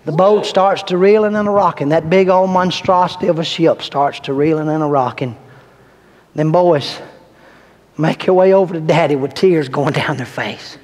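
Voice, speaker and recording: A man preaching a Baptist evening sermon, swelling from hushed storytelling to fervent shouting. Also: fairly high pitch, moderate pace. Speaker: guest preacher. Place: church sanctuary. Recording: long church reverb.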